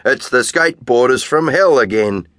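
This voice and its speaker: A man's voice: mid-range voice, lively intonation, normal speed, fairly bright tone, dry recording, studio quality, voice pushed up, natural voice. A man voicing a weary, whiny police constable who moralizes at kids.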